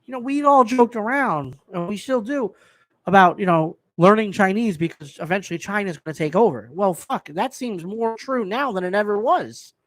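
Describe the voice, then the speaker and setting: A man's voice: high-pitched, expressive, normal speed, a bit bright, no room sound. Guy on a live stream going off, swearing a lot, super dry close sound. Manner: heated, profane ranting. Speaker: host.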